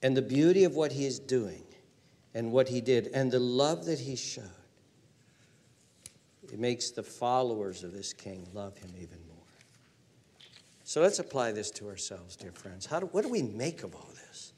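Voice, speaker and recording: A male pastor preaching a sermon, swinging from loud emphatic rises to hushed near-whispers and repeating phrases for emphasis. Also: mid-range voice, lively intonation, normal speed, pauses often.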